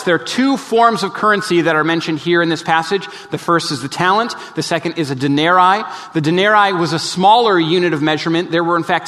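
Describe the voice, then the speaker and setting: A man's voice: a little high, fairly bright tone. A man preaching a sermon that explains a parable, emphatic and fond of repeating key phrases. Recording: long hall reverb.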